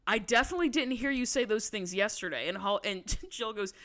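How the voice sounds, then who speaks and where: A woman co-hosting a podcast in a casual recap chat, animated and swearing, acting out quotes in different voices. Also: mid-range voice, brisk. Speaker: podcast co-host.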